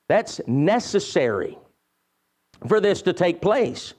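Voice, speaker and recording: A man preaching a sermon to his church as pastor, emphatic and repetitive, swinging between soaring lines and sudden quiet drops. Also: very high-pitched, animated, a little slow.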